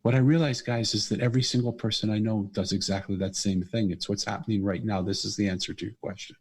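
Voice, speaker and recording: A middle-aged man, a podcast guest and author, telling a personal story in an earnest, animated way. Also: fairly low pitch, quick pace, breathy edge. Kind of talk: conversational storytelling.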